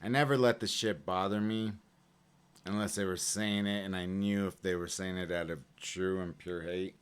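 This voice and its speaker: A man with a very deep, smooth voice reacts bluntly and indignantly. He swears casually as he makes his point. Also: steady tone, normal speed. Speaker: co-commentator.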